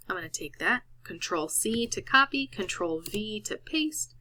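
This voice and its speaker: A woman's voice: mid-range voice, animated, normal speed, few pauses, bright, forceful tone. A woman teacher patiently walking students through each step of a recorded screen-share lesson.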